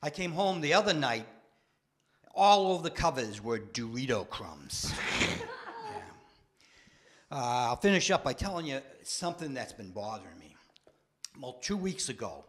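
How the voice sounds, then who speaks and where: An older man performing stand-up comedy in a wry, deadpan, self-mocking storytelling manner. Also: mid-range voice, moderate pace, long pauses. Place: studio stage with live audience.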